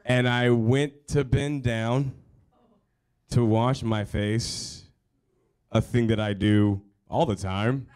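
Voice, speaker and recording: A man's voice: mid-range voice, fairly even intonation, slow pace, darkish tone, clear, resonant tone. Rambling, joking male show host. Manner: rambling, self-deprecating, joking with the audience. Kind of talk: casual stage banter. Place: stage at a live storytelling show.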